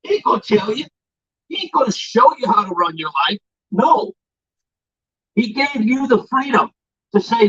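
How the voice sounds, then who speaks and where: A man's voice: very high-pitched, sing-song, normal speed, long pauses, fairly bright tone, husky, no room sound, lo-fi sound. A man giving a live-streamed motivational talk, preachy and emphatic, swearing freely. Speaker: motivational livestreamer.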